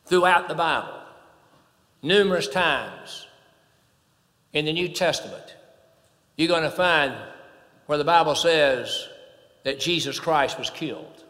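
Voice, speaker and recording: High, bright-voiced man preaching. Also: slow pace, pauses often, in a large hall. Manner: emphatic preaching, swelling and dropping in volume. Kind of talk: sermon.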